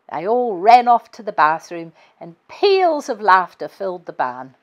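A woman author reading her family storybook aloud in a gentle, expressive way. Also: mid-range voice, unhurried, few pauses. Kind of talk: children's storybook read-aloud.

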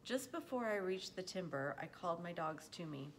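A woman reading a novel aloud in a measured, expressive storytelling manner. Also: on the low side, a little hiss or hum. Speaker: audiobook reader. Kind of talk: audiobook narration.

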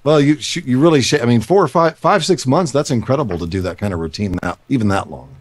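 This is a man in a casual chat who keeps making wry jokes. His pitch is ordinary but moves around a lot, which gives his talk an animated sound. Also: quick pace. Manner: joking, wry.

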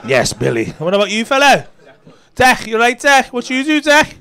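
This stand-up comedian has a very high voice whose pitch swoops wildly, and he speaks at a moderate pace. Working the crowd from a comedy club stage, he teases and swears through laughing banter, recorded live with a loud crowd and laughter behind him.

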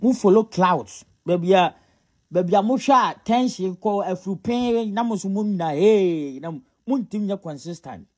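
High, husky Ghanaian man scolding bloggers. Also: normal speed, a little mellow. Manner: scolding, mocking, often laughing; mixes Twi and English. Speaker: gossip commentator. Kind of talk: casual gossip commentary.

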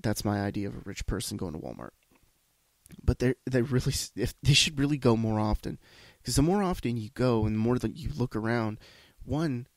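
A man's voice: lowish voice, no echo. A man hosting a solo podcast, congested from a sinus issue, rambling in a profane, self-deprecating way. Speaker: podcast host. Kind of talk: solo casual monologue. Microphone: podcast microphone.

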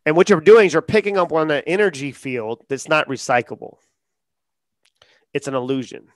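A man talking casually as a podcast guest, acting out quotes in lively storytelling. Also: on the high side, moderate pace, dry recording, clean studio sound. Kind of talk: casual interview talk.

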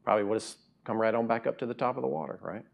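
A middle-aged man preaching a sermon in a casual, conversational way, swinging from quiet, slow asides to loud, high emphatic bursts. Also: steady tone, creaky, phone-quality sound. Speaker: pastor.

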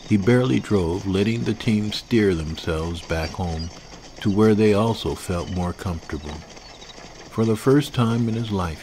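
A man narrating a historical novel in a measured, grave storytelling manner. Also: low voice, darkish tone, husky. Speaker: author and narrator. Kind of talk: scripted audiobook narration.

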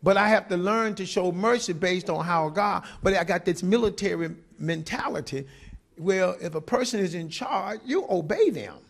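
A man's voice: high voice, expressive, normal speed, vocal fry. A man preaching a sermon with passion, calling out to the congregation for responses. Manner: impassioned preaching with call-and-response. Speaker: pastor.

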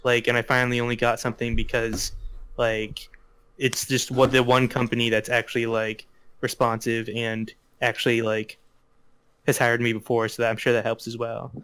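Young guy, smooth resonant voice, halting filler-laden complainer, casual podcast. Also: mid-range voice, flat delivery, a bit bright. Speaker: podcast co-host.

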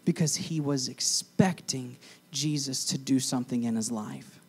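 Male youth pastor, middle pitch, unhurried delivery, dramatic storyteller who does the characters' voices. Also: husky. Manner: animated, acts out the characters, swings from shouts to hushed tones. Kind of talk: storytelling sermon. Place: church youth room.

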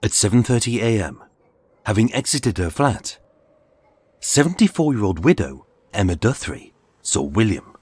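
A man narrating a true-crime story in a measured, dramatic scripted style. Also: lowish voice, big pitch swings, a little mellow, slightly rough, no room sound. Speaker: podcast narrator. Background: faint music.

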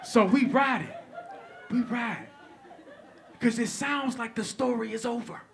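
A man telling a stand-up comedy story onstage, animated and profane, swinging between loud bursts and hushed asides. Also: very high voice, a little slow, creaky, a crowd in the background, noisy background. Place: comedy stage before live audience.

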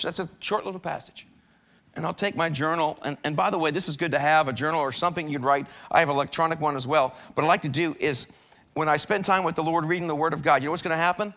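A man's voice: on the high side, a bit bright. A man speaking as a pastor, giving a casual devotional talk in a church and acting out prayers with a lifted voice. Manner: conversational, acts out prayers and complaints in a raised voice.

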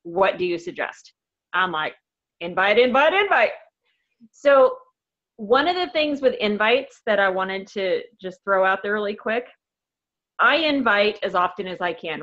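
A woman leading a casual team video call, bubbly and excitable, talking in a chatty, enthusiastic way. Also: fairly low pitch, dull audio. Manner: bubbly, excitable, quick to laugh. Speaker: team leader on a coaching call. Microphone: video call microphone.

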